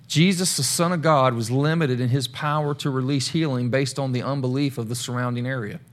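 A male pastor giving a casual, conversational sermon, talking straight to the congregation with chatty asides. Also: medium pitch.

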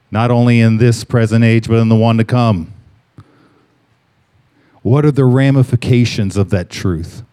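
A man preaching a sermon, reading scripture aloud and slowing down to stress key words. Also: medium pitch, warm tone. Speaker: pastor.

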